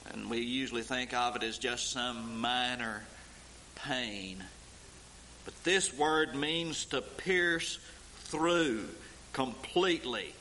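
A man preaching a sermon, slow and emphatic, swelling into intoned passages at his high points. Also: pushed and bright, a little hiss or hum, poor audio.

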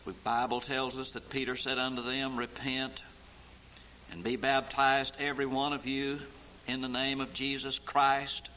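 A man preaching a sermon, slow and emphatic, swelling into intoned passages at his high points. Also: pushed and bright, rough recording.

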